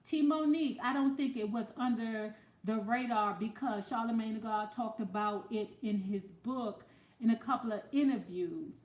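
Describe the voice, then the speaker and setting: Female host, high voice, salty and animated storyteller, echoey room sound. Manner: animated, profane, storytelling, quick to laugh. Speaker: show host reading viewer comments. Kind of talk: casual talk show monologue.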